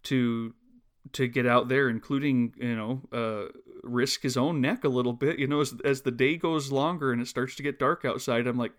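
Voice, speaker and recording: A man co-hosting a casual film discussion, earnest and halting, restarting his sentences often. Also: medium pitch, steady tone. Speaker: podcast co-host.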